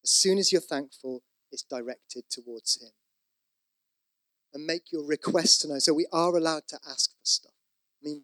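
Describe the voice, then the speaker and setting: A man's voice: fairly high pitch, fairly bright tone, dry recording. A man preaching a sermon, conversational with asides, rising to emphatic repeated exhortations. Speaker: pastor.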